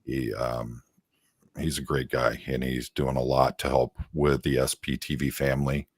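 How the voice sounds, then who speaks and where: A man's voice: very deep voice, flat delivery, moderate pace, slightly rough, no room sound, clean studio sound. A man hosting a community livestream, encouraging and affectionate, calling guests hon. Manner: warm, encouraging, calls people hon. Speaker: livestream host.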